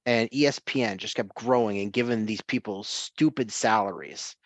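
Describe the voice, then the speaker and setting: A man's voice: on the low side, moderate pace, dry recording. A man co-hosting a sports podcast in casual chat, chuckling often and rambling through restarts.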